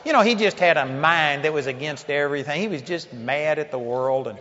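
A high-voiced, bright-toned man preaches, telling a story full of acted-out quotes and laughs. His voice rings with a long hall echo on a dull, lo-fi recording with faint noise behind it. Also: fairly quick. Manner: animated storyteller, acts out quotes, laughs often. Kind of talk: sermon storytelling.

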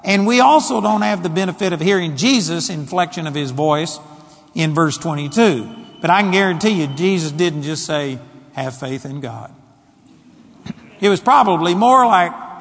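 A man preaches a sermon with a high, lively voice. His delivery is dramatic, moving between hushed and emphatic. A long reverb hangs in the hall. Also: normal speed. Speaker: pastor.

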